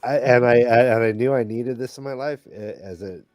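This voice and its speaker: A middle-aged man co-hosting a podcast, speaking in halting, heartfelt restarts while holding back tears. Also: medium pitch, a little mellow, no room sound, soft background music. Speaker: podcast co-host. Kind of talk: casual panel chat.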